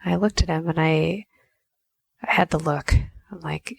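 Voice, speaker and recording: A woman's voice: low-pitched, fairly even intonation, unhurried, vocal fry, breathy edge. A woman podcast host telling a personal story in a conversational way, often saying "you know.".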